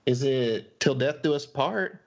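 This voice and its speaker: A man's voice: mid-range voice, unhurried, gravelly, muffled recording. A man playing along in a casual podcast quiz, chatty and playful, with sighs as he hedges his answers. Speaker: podcast co-host, quiz contestant.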